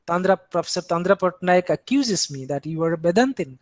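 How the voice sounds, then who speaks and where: A man's voice: sits high, lively intonation, fairly quick, few pauses, no echo. A man with an Indian English accent giving an academic philosophy lecture, posing rhetorical questions and speaking in the first person for the tradition he explains.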